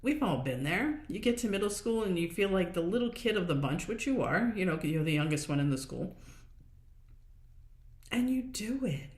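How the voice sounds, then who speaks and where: A woman's voice: mid-range voice, lively intonation, normal speed, darkish tone, echoey room. A woman hosting a solo podcast, talking in a casual, encouraging way and acting out little inner voices as she goes. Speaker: podcast host. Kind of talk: motivational solo podcast talk.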